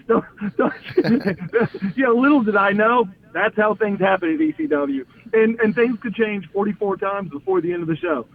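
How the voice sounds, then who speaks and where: A man's voice: high-pitched, very animated, moderate pace, creaky, a little hiss or hum. A middle-aged man and former pro wrestler, telling stories in a casual interview and acting out other people's lines as he goes, with frequent laughs. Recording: tinny phone line.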